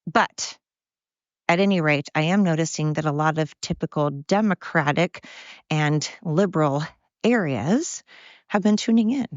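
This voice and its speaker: A low-pitched woman talks on her own in a loose, rambling podcast monologue, blunt and self-deprecating, drifting from thought to thought. She sounds worn out and winded. The recording is dry and a little dull, as if captured on a basic device while she walks outside. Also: a little slow, no echo. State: exhausted and winded. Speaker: podcast host.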